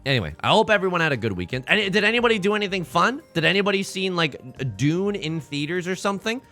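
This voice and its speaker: A man's voice: high-pitched, very animated, fast, bright, forceful tone, soft background music. A young man streaming from home, giving casual, jokey game commentary in a theatrical, self-mocking way.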